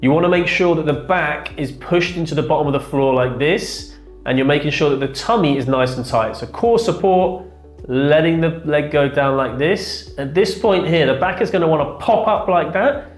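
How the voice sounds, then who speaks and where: In a treatment room with a firm bed, a chiropractor explains and demonstrates back exercises. His voice is on the high side at a normal speed, and the recording is echoey with faint music behind it.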